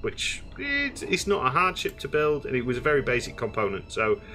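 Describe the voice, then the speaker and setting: A man chats through his gameplay in a loose, hesitant way, full of ums and restarts. His voice is bright and forward. Faint music and keyboard typing sit behind him. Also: mid-range voice, huge pitch swings, fairly quick. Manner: rambling, hesitant, chatty. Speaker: gaming streamer. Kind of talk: casual let's-play commentary.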